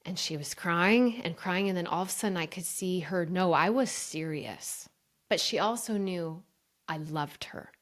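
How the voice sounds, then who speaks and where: Woman, podcast guest, heartfelt storyteller; animated when quoting others. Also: on the low side, moderate pace. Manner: earnest, emotional, often addresses listeners as "you guys"; lively storyteller who acts out quoted dialogue. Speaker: podcast guest, brain coach. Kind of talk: personal storytelling in conversation.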